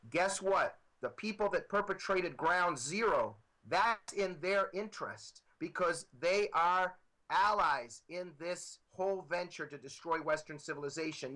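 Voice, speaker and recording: A man speaks as a guest on a political talk show, his voice high-pitched and bright. He argues with emphatic repetition and builds his points to a rising emphasis. He is heard over a computer microphone. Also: rough recording. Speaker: guest author. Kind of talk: impassioned political commentary.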